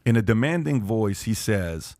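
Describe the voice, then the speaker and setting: A man's voice: on the low side, expressive, moderate pace, a little mellow, no echo. Emphatic man hosting a podcast. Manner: emphatic, rhetorical questions to the panel. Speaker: podcast host. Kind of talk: animated podcast talk.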